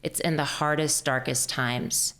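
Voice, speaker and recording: A woman hosting a podcast with a remarkably deep voice. She puts her questions in a warm, reflective way and thanks her guest thoughtfully. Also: fairly even intonation, unhurried. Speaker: podcast host. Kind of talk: podcast interview.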